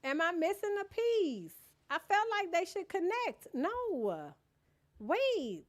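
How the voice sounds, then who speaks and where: A woman's voice: extremely high pitch, big pitch swings, slow pace. A woman live-streaming a cozy decorating game, chatting casually with her chat, greeting and thanking viewers by name, teasing them playfully and laughing often.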